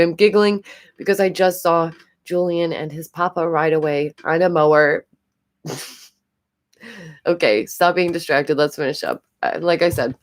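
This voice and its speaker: Chatty New York woman, stuffy nose. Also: lowish voice. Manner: chatty, repeats phrases, giggles often. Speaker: commentary streamer. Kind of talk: casual live-stream commentary.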